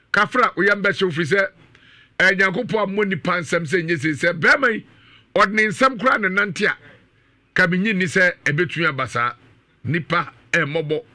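A man with a Ghanaian accent hosting a radio talk show, reading listener comments aloud in a lively way. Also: sits high, no room sound.

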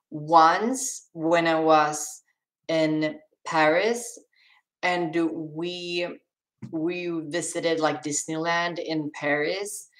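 A woman's voice: low-pitched, fairly bright tone, poor audio. A young woman with a Swedish accent, casually reading chat questions aloud on a live stream and answering them with restarts and laughs. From Sweden.

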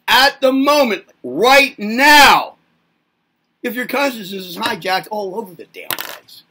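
A man with a very high, sharply bright voice talks through a loose self-help lecture. He rambles, keeps firing rhetorical questions at the listener and swears casually along the way. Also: sing-song, a little slow, husky. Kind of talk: informal lecturing monologue.

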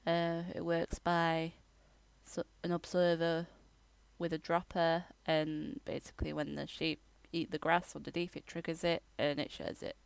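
A woman rambling through a casual game voiceover, halting and restarting as she tours her builds. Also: sits low, level tone, gravelly, smooth, no room sound. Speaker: gamer giving a tour.

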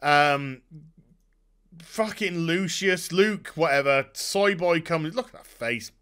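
A man's voice: fairly high pitch, lively intonation, slow pace, fairly bright tone, smooth. A man giving a profane, sarcastic rant about a TV show. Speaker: YouTube TV reviewer. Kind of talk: ranting TV review.

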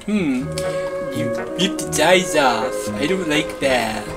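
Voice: mid-range voice, lively intonation, takes it slowly, over loud music. Someone voicing a bossy childish bee-boss. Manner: bossy, childish, whiny, with broken grammar. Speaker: boss directing the builders. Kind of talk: comedic machinima voice acting.

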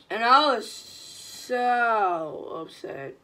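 A young woman, telling a storytime vlog in a slangy, animated, casual way and quoting what people said. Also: on the high side, slow, hardly any pauses. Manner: animated, slangy retelling with quoted voices. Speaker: vlogger.

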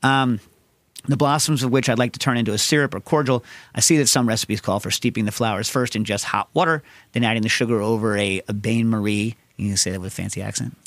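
A man's voice: on the low side, quick pace, no room sound. A man hosting a podcast, answering listener questions in a casual, rambling style full of tangents. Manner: rambling, tangent-prone, animated storytelling. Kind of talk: casual chat.

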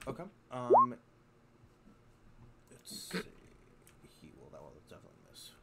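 A man's voice: mid-range voice, wildly swooping pitch, a little slow, gravelly. A man playing a tabletop game in casual chat, talking in a hesitant way with fillers. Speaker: player. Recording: voice chat with background noise.

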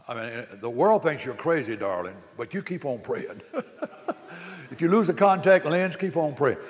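A man preaching a sermon, telling a story that rises to loud, emphatic exclamations. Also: fairly high pitch, expressive, measured pace, pauses often. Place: camp meeting hall. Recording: long reverb of a hall.

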